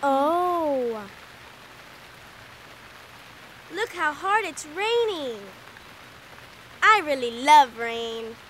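A woman's voice: sits high, expressive, extremely slow, fairly bright tone, a little hiss or hum, full character voice. A woman voicing Moo Moo, a timid, jumpy young cartoon character who frets and shrieks in panic. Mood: cheerful. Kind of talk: children's cartoon voice acting.

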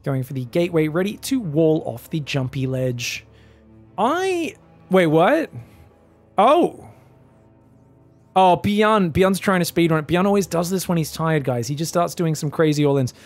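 A man casting a live esports match, excitable and joking, shouting out at big plays. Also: on the high side, unhurried, soft background music. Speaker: esports caster. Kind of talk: live game commentary.

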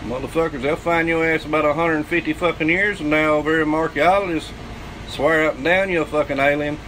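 A man's voice: on the high side, steady tone, fairly quick, fairly bright tone, slight background noise, rough recording. A man with a Southern US accent telling a crude, boastful story, swearing constantly and breaking into laughter. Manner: profane, boastful, laughs often. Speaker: channel host telling a story.

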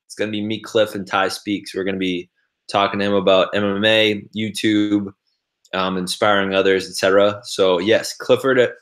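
Low-voiced man chatting while editing. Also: fairly bright tone. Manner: rambling, reads chat comments aloud. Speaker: vlogger livestreaming his editing. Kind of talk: casual livestream chat.

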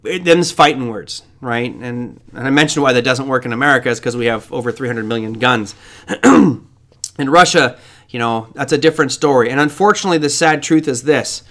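A man's voice: mid-range voice, brisk, a bit bright. A man hosting a trading show, giving casual market commentary in a rambling, conversational way with side stories.

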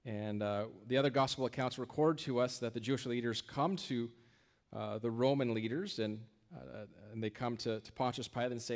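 A man's voice: medium pitch, moderate pace. A male pastor preaching a sermon in a conversational way, often restarting phrases and checking in with "right?".

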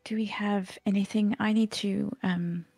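A woman's voice: medium pitch, steady tone, unhurried, vocal fry, a little mellow, no room sound, soft background music. Chatty woman playing a tabletop game. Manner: chatty, unsure, laughs easily. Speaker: player. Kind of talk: casual play at a tabletop game.

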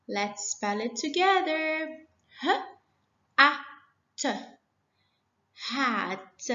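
A woman teacher giving a children's phonics lesson, slowly and patiently spelling words out letter by letter. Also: on the high side, bright, forceful tone. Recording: dull, lo-fi and echoey.

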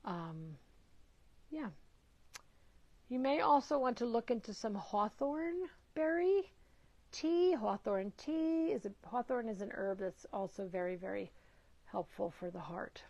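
A woman's voice: fairly high pitch, lively intonation, measured pace, vocal fry, long pauses, a little mellow, dry recording. Middle-aged lady hosting a live q&a, talks casual, says hi to viewers by name, um's a lot, dry muffled sound. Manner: encouraging, greets viewers by name, some filler hesitations. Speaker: nutrition educator hosting a live Q&A. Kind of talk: casual live-stream talk.

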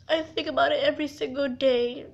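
A young woman crying as she talks in a confessional vlog, halting and rambling, stumbling over her words. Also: sits high, creaky, a bit bright. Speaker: vlogger.

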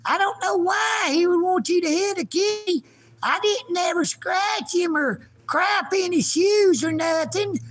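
A man's voice: very high voice, a little slow, a bit bright, pitched above the performer's own voice. A man voicing a hurt female kitty cat, whimpering and complaining tearfully, outdoors at a park. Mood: whiny.

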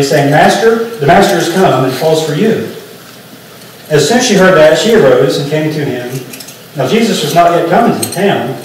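A man's voice: fairly high pitch, slight background noise. A male pastor preaching a sermon in a conversational, explanatory way, often restarting phrases. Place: church sanctuary. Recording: echoey church from far off.

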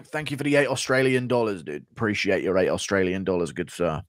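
A man's voice: fairly low pitch, lively intonation, brisk, hardly any pauses, no echo. A man hosting a live stream, reading out donations and answering chat questions in a blunt, profane, rambling way. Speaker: streamer host.

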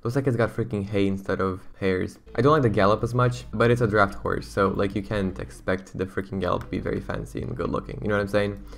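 Gravelly young man gushing over a game. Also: lowish voice, quick pace, hardly any pauses. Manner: excitable, slangy, rambling. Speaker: gaming YouTuber. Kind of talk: casual gameplay commentary.

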